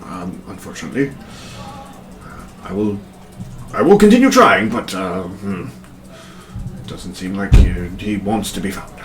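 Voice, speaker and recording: A man's voice: sits low, big pitch swings, a little slow, long pauses, music in the background. A man voicing a flustered male wizard advisor who stammers, apologizes and stays overly polite, in an echoey room. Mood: apologetic.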